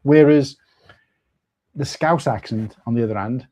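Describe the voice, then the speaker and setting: A man's voice: medium pitch, unhurried, mellow. A man co-hosting a casual livestream, telling stories in a rambling, chatty way with restarts and swearing. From Wales. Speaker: stream co-host. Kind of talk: casual chat while building.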